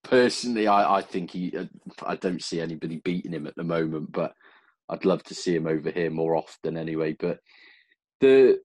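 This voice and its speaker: A man hosts a podcast interview, putting casual questions to his guest in an easygoing, hesitant way full of fillers. His deep voice is husky and a little mellow, he talks a little fast, and there's no room sound.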